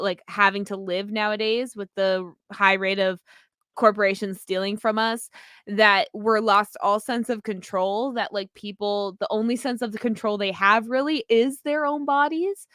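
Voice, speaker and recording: A woman's voice: medium pitch, a bit bright, smooth, no room sound, clean studio sound. A woman co-hosting a podcast in casual chat, laying out her opinions and theories. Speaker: podcast co-host.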